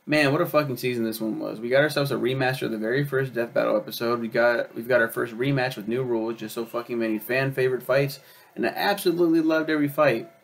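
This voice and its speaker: A young man talks his way through a video review in a loose, rambling way, full of ums and swearing. His voice is gravelly and sits at a middling pitch. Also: fairly even intonation, fast. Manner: rambling, profane, with many ums and uhs. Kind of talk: casual chat.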